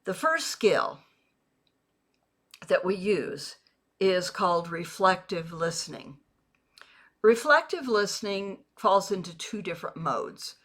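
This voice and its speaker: Woman, mentor giving a video lesson, slow unhurried pace, deliberate, repeats example phrases. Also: medium pitch, animated, fairly bright tone. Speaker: network marketing mentor.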